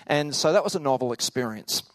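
High-voiced Australian man, rambling and humorous. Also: lively intonation, a little fast, no room sound. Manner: rambling, humorous, full of stammered restarts. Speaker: Bible teacher. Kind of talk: anecdotal teaching talk.

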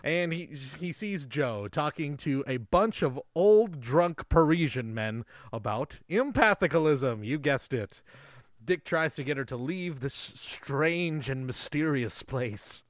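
Man, podcast co-host, casual film chat, fairly high voice, very animated pitch, dry close sound. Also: slow pace, dry recording. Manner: lively, laughs often, recaps the plot.

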